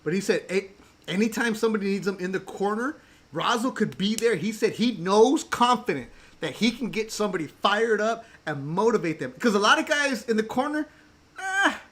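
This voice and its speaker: A man's voice: high-pitched, expressive, a little fast, fairly bright tone. A male host in a casual chat, laughing often and switching topics on the fly. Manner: chatty, laughs often, jumps between topics.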